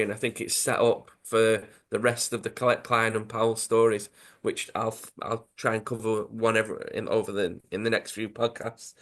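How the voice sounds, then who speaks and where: A man with a Dudley accent casually retelling a football comic story on a podcast, acting out the quotes. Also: fairly low pitch. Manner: animated storyteller, acts out quotes with self-corrections. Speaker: podcast co-host.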